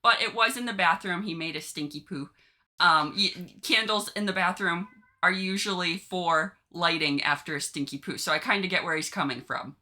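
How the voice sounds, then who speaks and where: Bright-voiced chatty woman co-host. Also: fairly low pitch, normal speed. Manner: chatty and joking, giggles often. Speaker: podcast co-host. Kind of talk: casual chat reading online stories.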